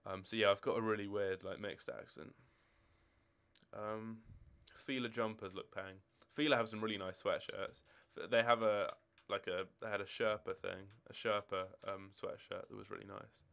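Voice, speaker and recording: A young man of eighteen talks casually on a game stream, wandering from one answer to the next. His voice sits a little low and sounds smooth and clean. He is from Scotland. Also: fairly even intonation, normal speed, fairly bright tone. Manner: rambling, chatty, answering chat questions as they come. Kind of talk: casual live-stream chat. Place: home room with football shirts and drawers.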